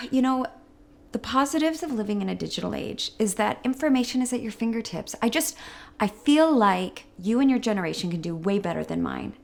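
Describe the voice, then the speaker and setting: A woman playing a frustrated, gravelly-voiced mother. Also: a little high, lively intonation, brisk. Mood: arguing. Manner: defensive, clipped and sarcastic. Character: frustrated middle-aged mother named Erin. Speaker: actor. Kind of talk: film drama acting. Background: film score music.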